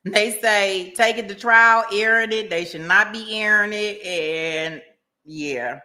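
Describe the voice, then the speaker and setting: A woman's voice: medium pitch, slow, pushed and bright. A woman hosting a casual livestream, reading out viewer comments, laughing often and chatting to her viewers in a slangy, easygoing way. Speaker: livestream host.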